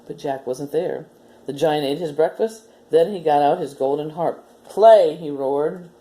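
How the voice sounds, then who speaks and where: Low warm-voiced woman reading to children. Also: moderate pace. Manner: gentle, explaining step by step. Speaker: children's story time host. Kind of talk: reading a story aloud to children, then a simple demo.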